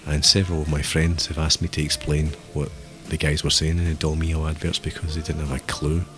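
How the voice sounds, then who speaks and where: Very deep-voiced middle-aged man, bawdy wisecracks. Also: monotone, fairly quick, soft background music. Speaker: podcast co-host. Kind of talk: casual comedic podcast chat.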